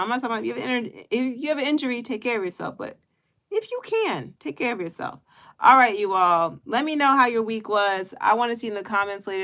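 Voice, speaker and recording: Warm-hearted chatty woman vlogger. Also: fairly low pitch, smooth. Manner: heartfelt, chatty, many fillers and restarts. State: getting emotional. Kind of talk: casual talk to camera.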